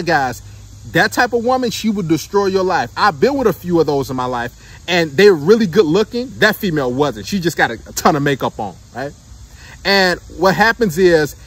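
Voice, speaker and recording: A man with a high, husky voice lectures men on dating in a preachy monologue. He hammers each point home and keeps checking in with "right?" and "okay?". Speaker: dating advice commentator.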